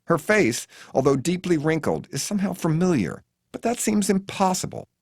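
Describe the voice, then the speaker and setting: A man's voice: fairly high pitch, moderate pace, slightly rough, dry recording, clean studio sound. An American man reading his own memoir as an audiobook, telling it in a wry, vivid way. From United States. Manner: wry, vivid storytelling with lively intonation. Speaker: author narrating his memoir.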